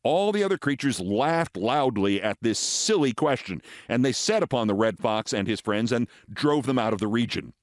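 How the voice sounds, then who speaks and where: A man in his sixties, a show host, reading fables aloud with expressive, theatrical storytelling. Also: medium pitch, normal speed, hardly any pauses, no room sound, clean studio sound.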